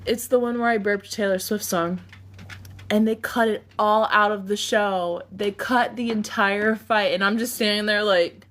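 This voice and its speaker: A woman's voice: mid-range voice, steady tone, unhurried, a bit bright. A woman hosting a livestream, chatting casually with her viewers and often breaking into laughter. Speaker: livestream host.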